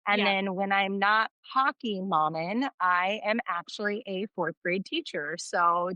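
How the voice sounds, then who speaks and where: Woman, thirties, from California; bright, forceful podcast guest, close dry sound, animated storyteller. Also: mid-range voice, a little slow, no room sound, muffled recording. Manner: animated storyteller, acting out quotes. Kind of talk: casual podcast chat.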